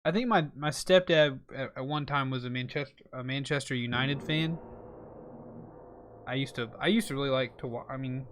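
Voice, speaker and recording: A man's voice: mid-range voice, normal speed, fairly bright tone, a little hiss or hum. A man from rural South Carolina chatting with his viewers while streaming a video game. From rural South Carolina, USA. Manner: chatty, reads out and answers chat. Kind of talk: live game streaming commentary.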